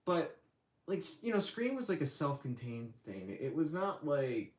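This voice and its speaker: Slow, rambling man chatting on stream. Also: a little high, sing-song. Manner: rambling, hesitant, many fillers. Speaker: channel host. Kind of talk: casual livestream chat.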